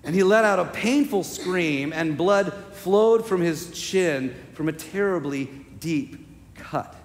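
Slow, high-voiced pastor in a reverberant church. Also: male voice. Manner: slow, emotional storytelling with swelling emphatic repetition. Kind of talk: sermon. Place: church sanctuary. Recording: long reverb of a church sanctuary.

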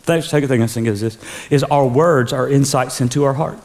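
A man's voice: medium pitch, brisk. A male pastor preaching a sermon with energy, calling on the congregation to repeat after him. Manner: energetic preaching with call-and-response. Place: church sanctuary.

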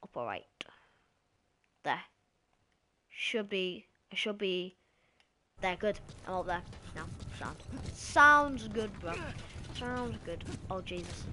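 A woman giving excitable live gameplay commentary, yelping and shrieking as the action happens. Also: lowish voice, takes it slowly, long pauses. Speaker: gamer streaming live.

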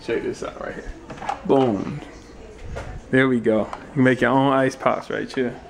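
A young man hosting a home vlog in his kitchen, joking in a playful, animated way. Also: mid-range voice, a little slow, vocal fry, noisy background. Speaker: vlogger, expectant father.

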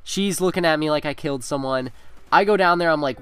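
Fairly quick and a little high, this young male gamer has a smooth, fairly bright tone on a dry recording. He's casually telling a story from school while commenting on his game, laughing and using fillers often.

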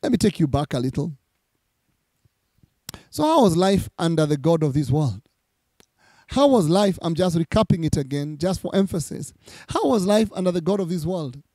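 A male pastor preaching a sermon, his voice pitched high but mellow in tone. He reads scripture passages and goes back over key lines for emphasis, in a dry, close recording. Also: lively intonation, moderate pace, long pauses, dry recording.

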